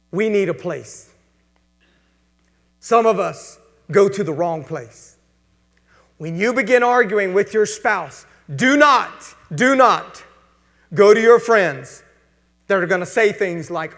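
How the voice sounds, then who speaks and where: A man's voice: sits high, a little slow, gravelly, a bit bright. A man preaching a sermon as pastor, mixing scripture readings and spoken prayers with casual asides. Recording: long hall reverb.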